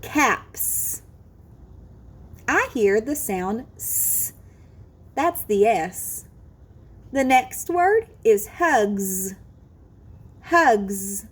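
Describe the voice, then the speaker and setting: Female teacher, slightly high voice, deliberate pace, encouraging children's phonics lesson. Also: sing-song. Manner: slow, clear, encouraging modelling of word sounds.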